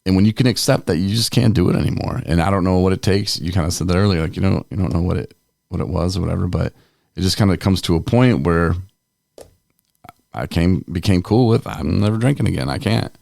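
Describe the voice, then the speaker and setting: Deep-voiced man telling candid stories. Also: fast, vocal fry, darkish tone, no room sound, studio quality. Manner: candid, storytelling with quoted voices and laughs. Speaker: podcast co-host. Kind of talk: casual chat.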